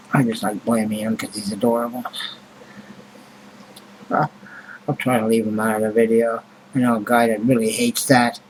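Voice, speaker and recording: A man's voice: mid-range voice, a little mellow, a little hiss or hum, rough recording. A man vlogging in a rambling, casual monologue, blunt and grumbling, with heavy swearing and many fillers.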